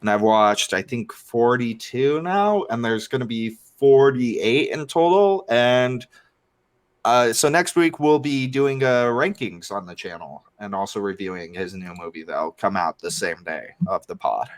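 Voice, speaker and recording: A man co-hosting a casual movie podcast, with a voice of ordinary pitch. He tells stories with animated energy and swears often. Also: measured pace. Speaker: podcast co-host.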